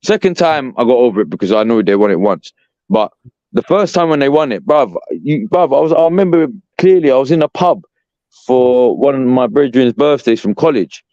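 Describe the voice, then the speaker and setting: A man's voice: mid-range voice, animated, fairly quick, warm tone, dry recording. A young man ranting as a podcast co-host, profane and exasperated, saying "bruv" constantly. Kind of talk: heated fan rant. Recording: dull, dry lo-fi sound.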